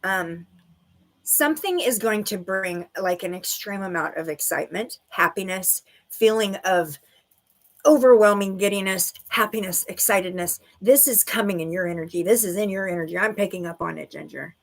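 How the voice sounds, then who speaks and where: A woman with a mid-range voice gives intuitive readings to viewers on a livestream at normal speed. This psychic reader is bubbly and giggly, her speech full of "like" and "okay."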